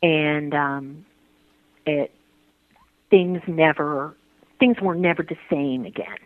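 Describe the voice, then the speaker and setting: A woman interviewee talking earnestly about her faith, halting and restarting often. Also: sits low, steady tone, dry recording. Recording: tinny phone-line sound, dry.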